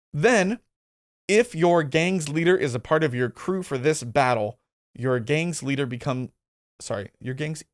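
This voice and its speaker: A man co-hosting a casual tabletop gaming talk, reading rules aloud and then chatting about them, laughing easily. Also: mid-range voice. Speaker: co-host.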